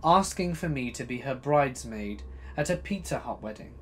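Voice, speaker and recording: A man reading a scary true story as a narrator, dramatic, swinging between loud bursts and hushed asides. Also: mid-range voice, animated, normal speed, a little hiss or hum. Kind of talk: scripted horror story narration.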